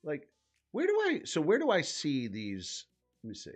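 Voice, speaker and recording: A man's voice: a little high, huge pitch swings, normal speed, breathy edge, soft background music. A man hosting a live stream in casual commentary, exasperated and swearing, muttering to himself as he searches his screen. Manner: profane, exasperated, thinking aloud while clicking around.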